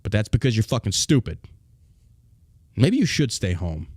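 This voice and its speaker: Profane, heated podcast host. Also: male voice, lowish voice, sing-song, moderate pace, a little mellow, slightly rough, dry recording, clean studio sound. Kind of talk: ranting political podcast commentary.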